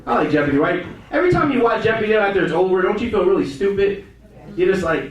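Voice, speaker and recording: A man doing a laid-back, conversational stand-up set in a small comedy room, slipping into quick impressions. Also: sits high, expressive, dull audio. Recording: echoey room from a distance. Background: audience laughter.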